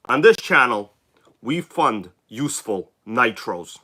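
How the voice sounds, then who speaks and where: A man's voice: mid-range voice, very animated, takes it slowly, pushed and bright. A chatty man hosting a live stream, greeting viewers by name while sounding sick and congested. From New York City. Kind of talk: casual live stream chat.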